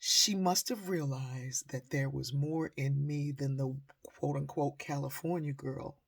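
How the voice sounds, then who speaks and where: A middle-aged woman with a husky voice telling a personal story in an animated, dramatic way. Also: a bass voice, unhurried. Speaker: motivational speaker.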